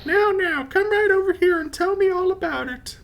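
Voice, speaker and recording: A woman puts on a doting old granny with a put-on Southern drawl, her voice pitched high and sing-song as she fusses over her grandson. Game sounds and chatter sit behind the voice. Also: expressive, moderate pace, poor audio. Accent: put-on American Southern. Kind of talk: reading game dialogue aloud.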